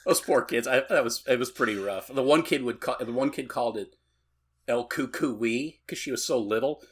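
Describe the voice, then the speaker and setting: A man's voice: mid-range voice, moderate pace, breathy edge. A man co-hosting a horror podcast, rambling and profane, laughing often as he talks. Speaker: podcast co-host. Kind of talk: casual podcast chat.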